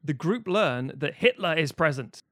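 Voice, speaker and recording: A man's voice: fairly high pitch, animated, normal speed, a bit bright, no room sound, studio quality. A man co-hosting a podcast, recapping a film in casual, sweary, laughing chat.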